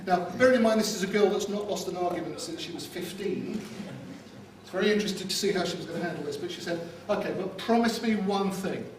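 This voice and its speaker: A man from London gives a joking wedding speech in a fairly high voice, landing his punchlines with a dry, wry timing. He is picked up from far off in a very echoey reception hall, with the loud murmur of the room behind him. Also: quick pace, noisy background. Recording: distant mic in echoey room with loud ambience.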